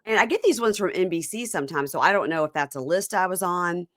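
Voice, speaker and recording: A middle-aged woman from Mississippi hosting a podcast, chatting casually with quick asides and frequent laughter. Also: lowish voice, no room sound, studio quality. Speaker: podcast host. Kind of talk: casual chat.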